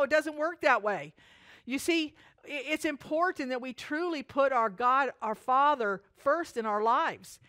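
Animated woman preaching a sermon. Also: sits high, a little slow, no echo, studio quality. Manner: animated, chatty storytelling with many restarts. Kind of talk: sermon storytelling. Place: church sanctuary.

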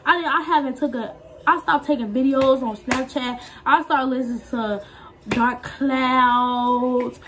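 Young woman, high-pitched, talkative, candid chat. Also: fairly even intonation, unhurried. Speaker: vlogger. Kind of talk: casual chat.

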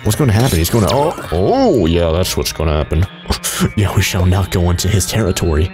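Excitable man with a wildly swooping voice. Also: low-pitched, a little fast. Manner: excitable, reacting loudly and laughing often. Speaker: let's play gamer. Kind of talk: gameplay commentary. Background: game music.

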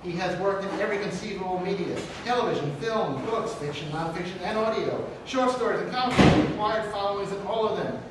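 A man's voice: sits high, a little fast, hardly any pauses. Casual male event host in an echoey room. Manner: casual, hesitant with fillers. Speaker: host introducing a speaker. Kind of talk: event announcements and introduction. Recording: echoey room, distant mic, noise.

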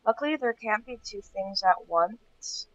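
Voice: mid-range voice, animated, a little slow, a bit bright. A gaming host with a stuffy nose, chatting casually through gameplay and getting startled now and then. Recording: dull lo-fi sound.

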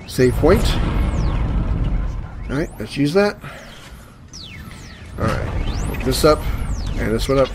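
A man casually commenting on his gameplay, muttering reactions and swearing when startled, with game music playing behind him. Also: mid-range voice. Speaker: let's play gamer. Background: game music and sound effects.

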